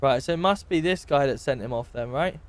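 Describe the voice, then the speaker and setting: Man, british accent, streamer, casual commentary, thinks aloud, clear voice, mid pitch. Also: a little fast. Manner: thinks aloud with many ums and restarts. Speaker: streamer reviewing game footage.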